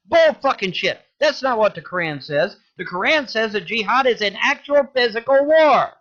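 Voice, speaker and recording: A man delivering an angry, profane rant, cursing loudly and repeating himself. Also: sits high, animated, normal speed, few pauses. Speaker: ranting video creator. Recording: dull lo-fi audio.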